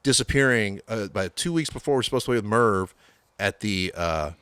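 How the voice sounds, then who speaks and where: This middle-aged man, a podcast guest in casual interview storytelling, has a voice on the low side, a little fast, clear and resonant. He's animated, swears often, and acts out what other people said. The recording is dry.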